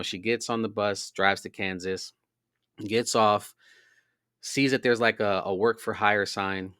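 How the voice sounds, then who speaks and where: A man's voice: lowish voice, pushed and bright, smooth, no echo, clean studio sound. A man hosting a podcast, telling a long story in a casual, rambling way with many fillers. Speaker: podcast host. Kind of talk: casual monologue.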